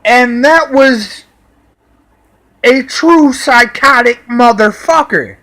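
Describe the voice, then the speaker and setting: In a very high, bright and forceful voice, a vlogger vents about people who stayed in his home. The rant is angry and personal, with heavy swearing and a heated, drawn-out delivery.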